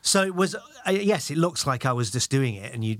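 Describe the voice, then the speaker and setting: A British man chatting casually on a podcast, telling stories in a reflective way that often drops low and quiet. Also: expressive, fairly quick. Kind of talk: casual chat.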